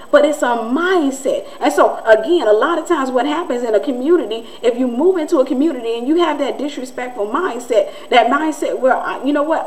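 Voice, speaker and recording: Animated preaching woman in her forties. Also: high-pitched, fairly quick, few pauses, slight background noise, poor audio. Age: 40s. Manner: conversational, animated, acts out quoted voices. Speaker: Christian teacher and host. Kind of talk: preaching-style teaching talk.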